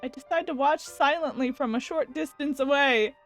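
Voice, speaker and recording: A woman streamer reads a visual novel aloud and breaks into excited reactions. Her voice is high and expressive. Faint background music sits under her. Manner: expressive, quick to exclaim.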